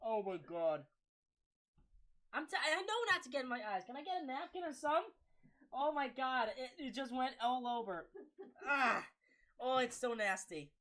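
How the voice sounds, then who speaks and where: A man calling hockey play-by-play on a live reaction stream, excitable, with groans and laughs between calls. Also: extremely high pitch, moderate pace, pauses often. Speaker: streamer commentator.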